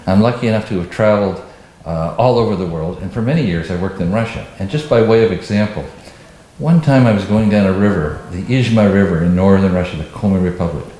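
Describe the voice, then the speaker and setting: A man's voice: low-pitched, fast talker, mellow. A man telling a personal anecdote, storytelling with occasional restarts. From Canada. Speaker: interviewee. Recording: very echoey room.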